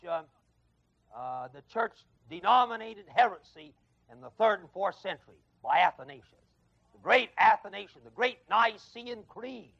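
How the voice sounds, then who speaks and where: A man's voice: sits high, gravelly, fairly bright tone. A man teaching an adult Bible class in a classroom, emphatic, repeating key words and quizzing his listeners. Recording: dull lo-fi 1979 class recording.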